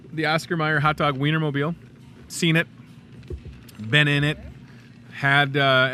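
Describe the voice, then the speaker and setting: A man's voice: a little high, sharp tone, slight background noise. A middle-aged man with a Midwestern accent hosting a casual, jokey talk show from a grocery store aisle, upbeat and chatty. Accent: Midwestern American. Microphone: clip-on lapel mic.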